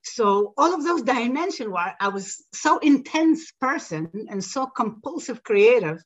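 A woman speaks as a podcast guest, a singer who tells her story in an animated way. She pauses often and fills gaps as she talks. The recording sounds slightly dull and lo-fi. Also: a little high. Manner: animated storytelling with frequent hesitations. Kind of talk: casual podcast interview.

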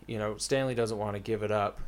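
A man's voice: lowish voice, fairly even intonation, brisk, slight background noise. A young man casually retelling a book's plot in a rambling way, full of "like" and "uh". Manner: rambling, filler-heavy retelling with many "like"s. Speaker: storyteller retelling a book plot. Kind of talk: casual chat.

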